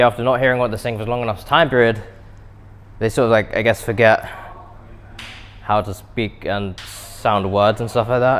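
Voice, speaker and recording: A young British man chatting casually to his viewers between sets in an indoor gym, rambling with self-deprecating asides. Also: mid-range voice. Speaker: fitness vlogger.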